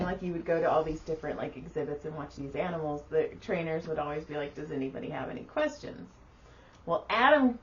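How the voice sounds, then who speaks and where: A woman spins childhood stories on a casual podcast, animated and freely swearing, laughing along the way. She sits back from the mic, and the sound is dull and lo-fi. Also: lowish voice, far from the mic. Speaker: podcast co-host. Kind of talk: casual storytelling chat.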